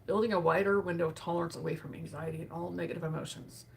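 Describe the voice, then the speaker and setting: A woman hosting a live session, speaking in a soft, emotional way with sighs and pauses while tearful. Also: fairly low pitch, steady tone, vocal fry, slight background noise. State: tearful, grieving. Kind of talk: reflective live talk.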